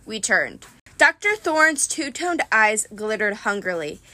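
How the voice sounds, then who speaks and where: A woman reading a first-person adventure novel aloud in a lively storytelling manner. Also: mid-range voice, unhurried. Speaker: reader.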